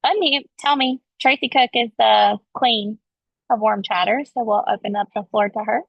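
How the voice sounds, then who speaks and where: A woman's voice: fairly high pitch, fairly even intonation, moderate pace, vocal fry, dry recording. A woman leading her sales team on a video call, chatty and enthusiastic as she coaches. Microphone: video call, webcam. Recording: dull lo-fi call audio, dry.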